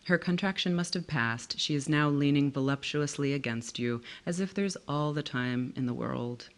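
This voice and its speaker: Woman author reading her novel aloud. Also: low-pitched. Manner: measured, expressive literary reading.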